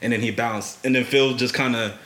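A man's voice: mid-range voice, fairly even intonation, fairly quick, a bit bright. Young male podcast host in an echoey room. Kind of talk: casual chat.

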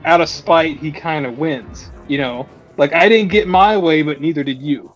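A man swearing freely in a casual movie chat, retelling scenes with animated quotes. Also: fairly high pitch, moderate pace, soft background music.

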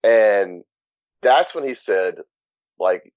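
A frank, outspoken man tells his story in a very lively voice that rises and falls widely. The recording is dull and lo-fi. It sounds dry, with no room in it. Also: low-pitched, slow, dry recording. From Louisiana. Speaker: guest, author. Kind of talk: candid interview.

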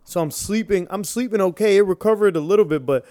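A young man with a hoarse, worn-out voice, co-hosting a casual podcast chat, joking and swearing freely. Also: high voice, fast, dark tone, no echo, clean studio sound. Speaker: podcast co-host.

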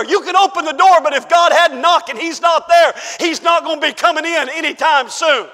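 A man preaching a sermon to his congregation, emphatic, rising to shouts and dropping to hushed asides, calling out to the room. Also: very high voice, normal speed, few pauses. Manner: calls out to the congregation. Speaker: pastor. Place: church. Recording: long church-hall reverb.

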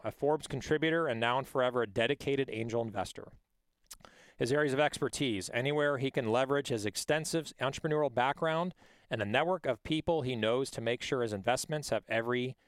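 Male podcast host, mid-pitch, teasing and loose, dry close sound. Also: dry recording. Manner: joking, teasing banter. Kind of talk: casual podcast chat.

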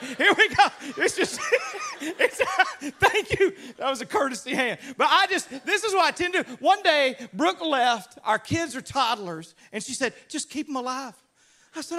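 An extremely high-pitched man from Louisiana, speaking with a Southern US accent, preaches as a pastor. He leans on animated, comic storytelling and performs different voices for the people in his stories.

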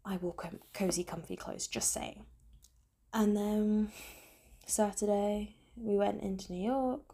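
A woman tells a casual storytime to camera, her voice gravelly and croaky with a husky edge. She rambles and giggles at herself, laughing off her own awkward moments. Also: medium pitch, steady tone, measured pace, warm tone. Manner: rambling, self-deprecating, giggly. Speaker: vlogger.

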